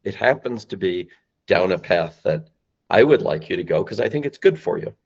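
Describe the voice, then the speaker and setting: A man's voice: low-pitched, lively intonation, moderate pace, creaky, a little mellow, highs cut off. A man explaining sales calls on a podcast, emphatic and acting out phone lines. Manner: emphatic, acts out phone lines, rising and falling voice. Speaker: guest, sales company founder.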